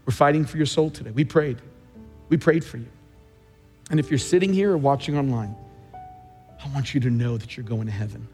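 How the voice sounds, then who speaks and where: A middle-aged man preaching a sermon as pastor, emphatic, leaning hard on key words and slowing down to stress them. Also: medium pitch, a little mellow. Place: large church sanctuary. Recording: long hall reverb, faint music.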